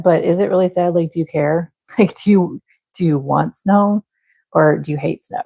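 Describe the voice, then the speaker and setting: A woman from the Midwest chatting with her live viewers while she crochets, her voice mellow and warm with a gravelly edge. She rambles a little, apologizes often and laughs softly between thoughts. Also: on the low side, fairly even intonation, moderate pace, poor audio. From American Midwest. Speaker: crochet livestream host.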